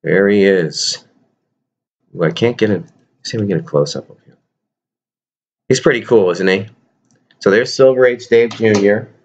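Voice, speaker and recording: A man's voice: fairly low pitch, normal speed, pauses often, muffled recording, slight background noise. A man vlogging casually to his viewers about his toy collection, rambling and joking. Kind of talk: casual chat to camera.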